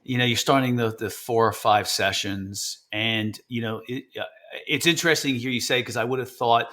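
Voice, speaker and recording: Man, podcast host, halting questions, bright voice. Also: medium pitch. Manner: halting, thinks aloud with many fillers. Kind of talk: podcast interview.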